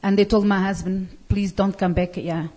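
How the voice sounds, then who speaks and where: A woman telling her own story in plain, halting words, as a guest giving testimony. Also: medium pitch, steady tone, a little mellow. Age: adult.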